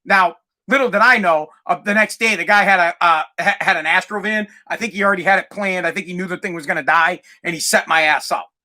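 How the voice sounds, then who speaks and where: High, bright-voiced profane storyteller man. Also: fast, hardly any pauses. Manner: profane, animated, rambling. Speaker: podcast host. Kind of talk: casual storytelling.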